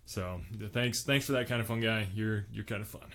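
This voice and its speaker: A man's voice: lowish voice, steady tone, fairly quick, a bit bright. A man hosting a comedy podcast sketch, boastful and self-satisfied, rambling with lots of filler words. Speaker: podcast host.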